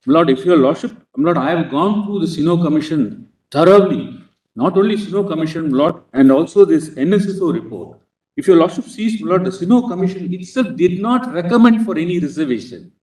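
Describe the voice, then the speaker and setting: A man with an Indian accent, arguing as an advocate before a court in a formal, halting manner, constantly addressing the bench. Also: on the high side, expressive, darkish tone. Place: large courtroom. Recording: roomy courtroom audio from a distance.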